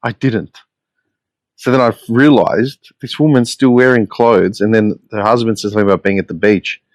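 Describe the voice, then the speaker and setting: Ranting Australian man with a low voice. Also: steady tone, a little fast, no echo. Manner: blunt, profane, exasperated storytelling. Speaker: podcast host. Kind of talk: solo podcast rant.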